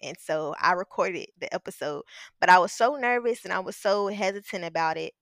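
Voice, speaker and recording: A woman hosting a podcast, speaking gently and reassuringly to her guest in casual chat. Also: fairly low pitch, brisk, no room sound. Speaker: podcast host.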